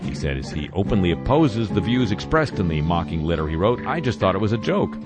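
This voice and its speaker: A man hosting a satirical news roundup, reading stories in a deadpan way and dropping wry asides. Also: low voice, a little fast. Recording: music bed under voice.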